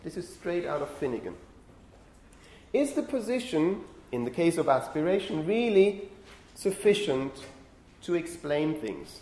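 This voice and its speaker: A man's voice: on the high side, sing-song, measured pace, darkish tone. A male lecturer explaining phonetics to a class, thinking aloud and often checking in with the students. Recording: echoey classroom with faint ambient noise.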